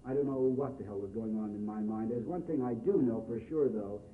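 A blunt, wry young man, as a male reader plays him, talking low and quietly in a brotherly way. The recording sounds phone-thin, with echo off the walls. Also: brisk, distant mic, natural voice. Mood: earnest. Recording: echoey, phone-like, faint hiss.

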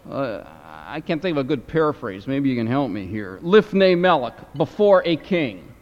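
A man teaching a class, lecturing slowly and deliberately, with many fillers and questions put to his students. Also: mid-range voice, very animated. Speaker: Hebrew teacher. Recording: dull lo-fi lecture hall recording.

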